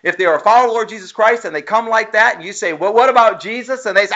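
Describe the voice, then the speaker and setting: Male pastor, higher voice, forceful sermon delivery, muffled recording. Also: quick pace, hardly any pauses. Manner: emphatic, acts out quoted voices while preaching. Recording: muffled lo-fi sound.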